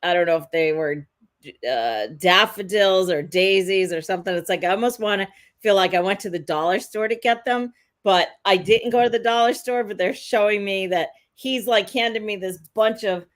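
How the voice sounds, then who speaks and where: A woman's voice: mid-range voice, normal speed. A woman co-hosting a live psychic reading, rambling and hesitant with many fillers. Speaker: psychic co-host.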